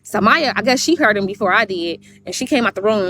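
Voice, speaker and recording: A woman's voice: a little high, quick pace, few pauses, sharp tone, slight background noise. A woman on a livestream, telling a long story in a rambling way, cursing and repeating herself. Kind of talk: heated livestream monologue.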